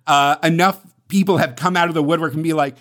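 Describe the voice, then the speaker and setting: A man's voice: a little high, steady tone, quick pace. A man co-hosting a casual chat podcast, rambling and self-deprecating with many fillers. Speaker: podcast co-host.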